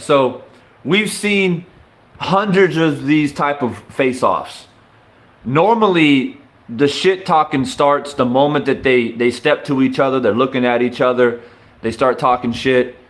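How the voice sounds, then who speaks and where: A man's voice: medium pitch, expressive, measured pace. A young man casually reacting to a boxing clip for his viewers, cursing, laughing and calling them bro in disbelief. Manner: laughing, incredulous, profane, addresses viewers as bro. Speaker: boxing commentator.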